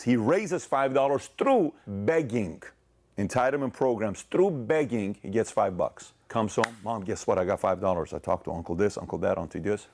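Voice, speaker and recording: A man giving a motivational speech, telling a story and acting out its dialogue, swinging from loud to soft. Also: medium pitch, vocal fry, slight background noise. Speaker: speaker in a played clip.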